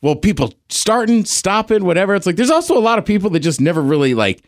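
A man's voice: sits high, very animated, fast, no echo, studio quality. A man co-hosting a casual podcast, easygoing and encouraging, often tossing in "right?". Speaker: podcast co-host. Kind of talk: casual chat.

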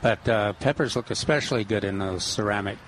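A man's voice: fairly low pitch, a little fast, fairly bright tone, rough recording. Folksy man, radio garden co-host, easy talk, light hiss. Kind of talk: casual radio chat.

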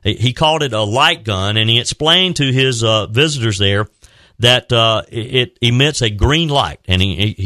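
Bright, earnest radio host. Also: male voice, mid-range voice, dry recording, clean studio sound. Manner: halting, many restarts, earnest. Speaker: radio talk show host. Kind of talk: heartfelt farewell talk and storytelling. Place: radio studio. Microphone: close studio microphone.

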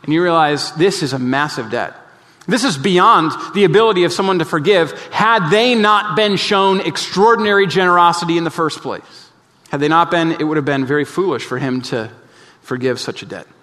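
A man preaching a sermon as pastor, earnest and emphatic, often dropping soft and low to press a point. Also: normal speed. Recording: long reverb of a large hall.

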